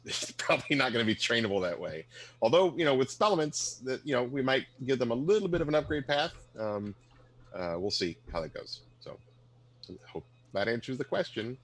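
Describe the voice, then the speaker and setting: Deep-voiced man, halting and chatty. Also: husky. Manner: hesitant, many fillers, light chuckles. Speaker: game developer answering questions. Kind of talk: livestream Q&A, casual.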